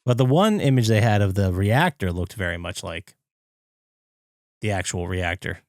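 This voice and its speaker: A man co-hosting a podcast, retelling a movie scene by scene and jumping into high, excited impressions of the characters. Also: moderate pace, no room sound, studio quality. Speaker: podcast co-host. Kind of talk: casual movie recap chat.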